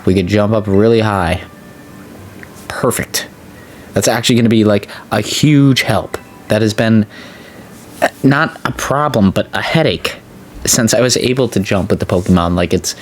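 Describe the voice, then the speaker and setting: A man hosting a let's play, chatting casually and excitably as he plays. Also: normal speed, a little hiss or hum. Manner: chatty, excitable, voice jumps high when excited. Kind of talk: casual gameplay commentary.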